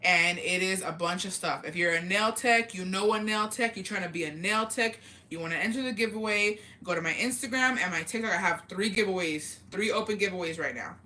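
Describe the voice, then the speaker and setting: A woman's voice: mid-range voice, fairly quick, hardly any pauses, sharp tone. A woman hosting a casual live stream, talking bluntly and profanely while reading and answering viewer comments. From Mexican heritage. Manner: blunt, profane, chatty, reads comments aloud.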